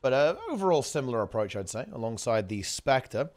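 A man's voice: medium pitch, big pitch swings, a little fast, a little mellow, soft background music. A man casting a live online game tournament in a chatty, rambling way, often correcting himself mid-sentence. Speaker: esports tournament commentator. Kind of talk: casual live game commentary.

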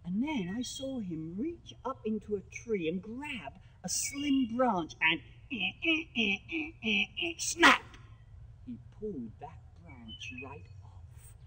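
A male professional storyteller telling a tale live, dramatic with loud bursts and hushed drops. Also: sits high, sing-song, slow pace, a little hiss or hum, poor audio.

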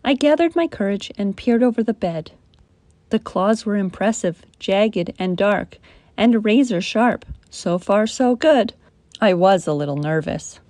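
A woman reading a children's picture book aloud as the storytime host, slow and deliberate. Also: mid-range voice, expressive, darkish tone, no echo. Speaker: storytime reader.

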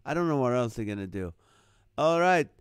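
A man's voice: mid-range voice, lively intonation, brisk, clear, resonant tone, no echo. A man hosting a live comedy stream, chatting casually, reading viewer comments and chuckling often at the wordplay. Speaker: host of a live comedy show.

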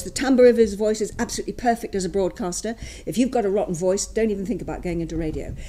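An older woman gives a university lecture with an emphatic, opinionated delivery. She slows right down to hammer home her key points, and her voice has a mellow, warm tone. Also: mid-range voice, a little hiss or hum. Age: 60s. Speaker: guest lecturer.

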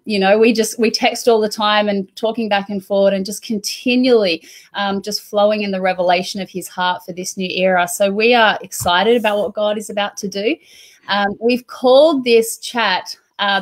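A woman hosts a relaxed, conversational chat. Her pitch sits in the middle. Her talk is loose and hesitant, full of ums and restarts. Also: moderate pace. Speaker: host.

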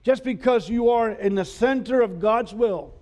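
A man's voice: very high-pitched, a little slow, a little mellow. A man preaching a sermon as pastor in a school chapel, speaking earnestly with frequent filler sounds.

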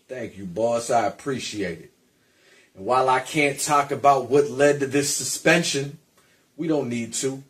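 A man's voice: mid-range voice, fairly bright tone. A man cutting a self-important wrestling promo, stretching out his words. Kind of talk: slow, boastful wrestling promo.

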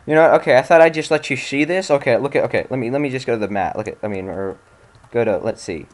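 A man's voice: mid-range voice, fast talker. Exasperated, cursing man playing a game. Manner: exasperated, swears often, mutters to himself. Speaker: video game let's-play host. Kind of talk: casual gameplay commentary.

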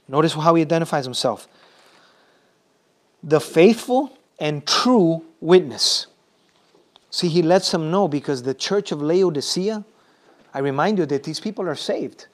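A man's voice: a little high, animated, normal speed, pauses often. A man preaching a sermon as pastor, repeating phrases and calling for responses from the congregation. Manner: repetitive, emphatic.

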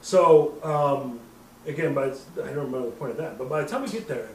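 A man's voice: mid-range voice, lively intonation, fairly quick, roomy sound, distant mic, a little hiss or hum, rough recording. A man in his thirties hosting a podcast, telling a rambling, profane drinking story and laughing at himself. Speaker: podcast host. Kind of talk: casual storytelling.

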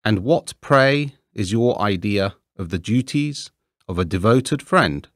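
Man doing a curious little linnet, probing, lively voice, a touch gravelly. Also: lowish voice, slow pace, dry recording, studio quality, exaggerated voice. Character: small inquisitive male green linnet bird.

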